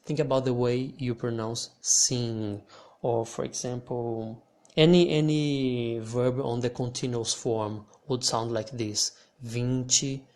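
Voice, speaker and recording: A man teaching pronunciation in English, patient and pausing with restarts. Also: mid-range voice, a little mellow. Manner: patient, hesitant restarts, repeats words for practice. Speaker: language teacher. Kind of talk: slow explanatory lesson.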